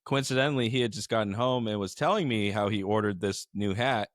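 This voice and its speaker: A man's voice: lowish voice, fairly quick, no room sound, studio quality. A man co-hosting a podcast in casual chat, laid-back and swearing freely. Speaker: podcast co-host.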